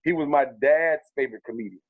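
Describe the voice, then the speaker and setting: A man who is a comedian guest, telling stories in a casual interview, animated and profane, acting out what people said to him. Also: a little high, quick pace. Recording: tinny phone-like sound.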